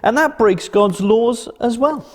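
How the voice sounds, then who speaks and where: Man telling a bible story to kids, high voice, super animated, long echo off the walls. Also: unhurried. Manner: gentle, expressive storytelling to children. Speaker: children's church presenter.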